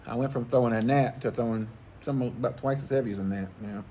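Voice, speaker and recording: A middle-aged man talks in a loose, rambling vlog style. His pitch sits in the ordinary middle, and he swears freely with easy chuckles. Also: fast, dark tone, slight background noise. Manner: rambling, profane, laid-back, chuckling. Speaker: fishing channel host. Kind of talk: casual vlog chat.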